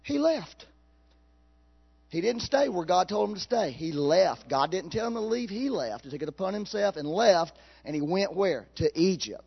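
A man preaching a sermon in a folksy, animated way, laughing at his own jokes. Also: high-pitched, moderate pace, vocal fry, breathy edge, highs cut off.

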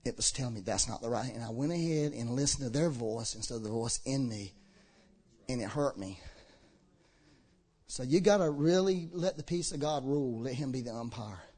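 A man preaching a sermon to a congregation, impassioned, swinging between shouting and low, earnest talk. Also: expressive, moderate pace, husky. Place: church hall with a congregation.

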